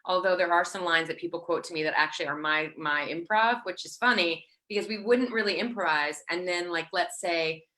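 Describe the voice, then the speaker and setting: A woman's voice: lowish voice, a little fast, few pauses, sharp tone. A woman in her thirties chatting as an interview guest, rambling with many fillers and restarts. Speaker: guest actor. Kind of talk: casual interview chat.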